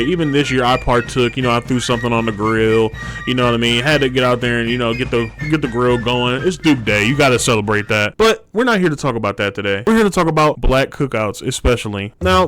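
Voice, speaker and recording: A young man giving a casual comedic rant to the camera, swearing freely and slipping into mock voices of relatives. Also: medium pitch. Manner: animated, profane storytelling with mock voices. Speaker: comedic commentator.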